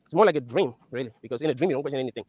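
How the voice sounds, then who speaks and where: Talking very fast in a mid-range voice, a man goes on a casual, animated rant, swearing often and laughing as he recaps scenes from a series and muses about dreams. The recording is dry.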